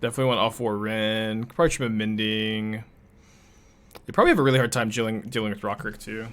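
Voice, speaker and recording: Bright-voiced man thinking aloud over gameplay. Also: lowish voice, steady tone, fast talker, smooth. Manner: chatty, laughs often, thinks aloud. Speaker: card game streamer. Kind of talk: casual gameplay commentary.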